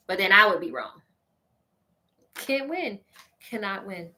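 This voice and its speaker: A woman's voice: mid-range voice, unhurried, long pauses, a little hiss or hum. A woman hosting a show and delivering a casual, sassy comedic rant straight to her listeners, laughing often along the way. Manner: sassy, petty, animated ranting. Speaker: podcast host.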